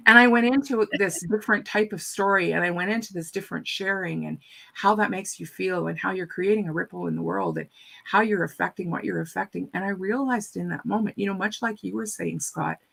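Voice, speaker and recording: A woman telling a story in an animated, casual chat, often repeating her first words. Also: mid-range voice, creaky, husky. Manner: animated, repeats words when starting sentences. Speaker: guest speaker.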